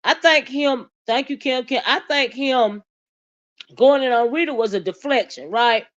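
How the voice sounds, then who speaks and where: A woman's voice: sits high, a little slow, fairly bright tone, highs cut off. A woman hosting a livestream, giving casual commentary in a sassy, blunt way, drawling with asides to her chat and speaking.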